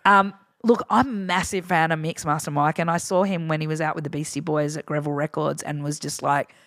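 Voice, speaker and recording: A woman in her forties, a DJ, chatting casually on a podcast and telling animated stories full of swearing. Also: low voice, fairly quick, no room sound, studio quality. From Australia. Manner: animated storyteller, swears freely, acts out voices in anecdotes. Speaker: DJ guest.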